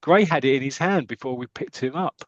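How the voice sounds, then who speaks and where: A man's voice: medium pitch, brisk, dry recording, muffled recording, close to an everyday voice. A man voicing a puzzled male fireman explaining a find.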